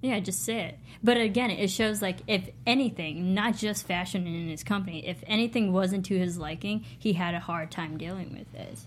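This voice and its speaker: A woman's voice: mid-range voice, normal speed, few pauses, slight background noise. A woman in a casual film discussion, speaking earnestly and jumping in to counter the others' points.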